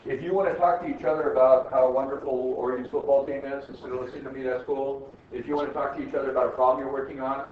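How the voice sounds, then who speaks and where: An instructor lectures a classroom, constantly checking in with "right?" and dropping deadpan jokes. His voice sits at an ordinary middle pitch. He is heard from across an echoey room on a muffled recording with a faint hiss. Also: quick pace, few pauses, recorded from a distance. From United States. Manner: quizzes the class with constant tag questions, teasing jokes. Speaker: accounting instructor.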